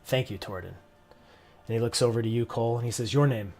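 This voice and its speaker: A man's voice: medium pitch, fairly even intonation, quick pace, a little mellow. A man narrating as game master for a tabletop game, hesitant with restarts. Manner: hesitant, many restarts and ums.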